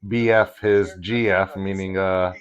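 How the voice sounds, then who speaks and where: A man's voice: low-pitched, fairly even intonation, a little slow, lo-fi sound. A man from California, rambling and giggling through casual reaction commentary full of fillers. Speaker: reaction video host.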